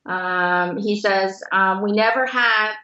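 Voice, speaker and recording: A woman's voice: medium pitch, slow pace, pushed and bright. A woman medium relaying spirit messages in a casual chat, often laughing and speaking the messages in the first person. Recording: echoey lo-fi call audio.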